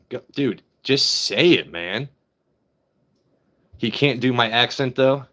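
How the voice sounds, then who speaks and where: Drinking on a casual livestream, this host rambles to his viewers, joking and cursing without restraint as he addresses the chat directly. He takes it slowly, his medium-pitched voice expressive, bright and forceful.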